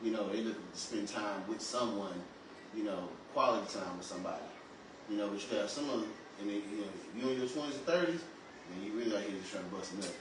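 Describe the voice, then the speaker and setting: A man on a podcast talking quickly in a casual, reflective way. His voice sits far from the mic in a very echoey room with noticeable background noise. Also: lowish voice. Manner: fast, colloquial, reflective. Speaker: podcast co-host. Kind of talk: casual chat.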